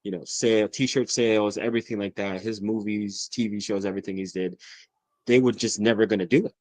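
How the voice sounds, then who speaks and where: Man, low register, rowdy excitable podcast guest, cusses a lot, dry close mic. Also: brisk, dry recording. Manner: excitable, profane, laughs often. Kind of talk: casual chat.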